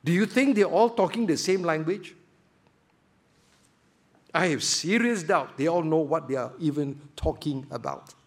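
A man's voice: a little high, measured pace, pauses often. A man preaching a sermon, emphatic, full of rhetorical questions and repeated words.

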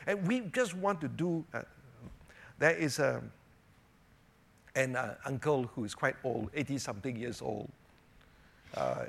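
A man preaching a sermon as pastor, animated, moving between emphatic raised lines and quiet asides, often checking in with "you know" and "right?". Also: mid-range voice, gravelly. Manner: frequent "you know" and "right?" tag questions.

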